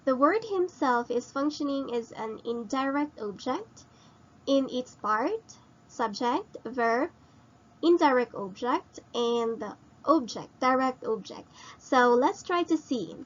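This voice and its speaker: Filipino lady teacher, slow step by step grammar explaining, kinda dull lo-fi audio. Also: sits high, lively intonation. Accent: Filipino English. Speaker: English teacher. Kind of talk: recorded online grammar lesson.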